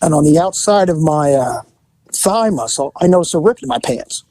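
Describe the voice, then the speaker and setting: A man's voice: fairly high pitch, normal speed, no room sound. Profane storytelling man, dry sound. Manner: animated, profane, acts out dialogue. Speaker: podcast host and former police officer. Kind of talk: casual storytelling.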